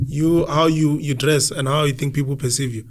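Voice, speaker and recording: A South African man as a podcast guest, relaxed, chiming in with short agreements. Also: a little high, normal speed. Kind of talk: casual conversation.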